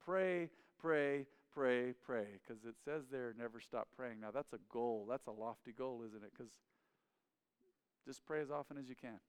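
A man's voice: mid-range voice, unhurried, smooth. A man preaching a sermon as a pastor, with emphatic, repetitive phrasing. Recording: long hall reverb.

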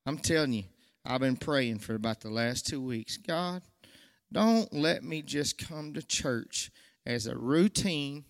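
Speaking in a clean-toned voice on the high side at a moderate pace, a nervous man testifies in a church sanctuary. The long hall reverb carries his Southern country speech as the testimony swells into fervent, shouted preaching.

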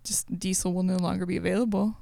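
Gravelly chatty podcast co-host. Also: medium pitch, level tone, fast talker, warm tone, dry recording. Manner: chatty, reads listener posts aloud. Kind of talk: casual podcast chat. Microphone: studio podcast microphone.

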